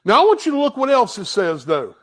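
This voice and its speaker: A man who pastors a church, preaching a sermon with emphatic swings from loud declarations to hushed asides. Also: very high-pitched, huge pitch swings, brisk. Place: church sanctuary.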